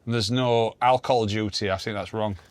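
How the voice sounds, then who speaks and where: A man's voice: lowish voice, steady tone, a little fast, clear, resonant tone, no room sound. A man co-hosting a casual chat, joking around and laughing at his own lines. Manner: jokey, reads jokes aloud with chuckles. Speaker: co-host.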